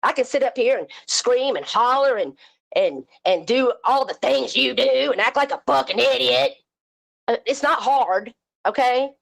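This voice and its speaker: Brief: woman host, middle-aged, raised pitch, furious profane call-out. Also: expressive, unhurried, creaky. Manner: confrontational, cursing, taunting. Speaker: live stream host. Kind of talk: angry profane rant.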